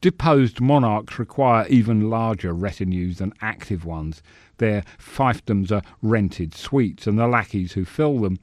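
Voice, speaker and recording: A man reading a story aloud in a measured, dryly sardonic manner. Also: lowish voice, animated, darkish tone, no echo, clean studio sound. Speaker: narrator. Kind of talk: scripted narration.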